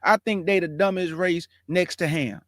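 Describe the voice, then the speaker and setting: A man with a notably high voice delivers fiery preaching-style commentary as the host of his own show. He hammers his points home with emphatic repetition, and the sound is dry and close with no room echo. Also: steady tone, normal speed, a bit bright.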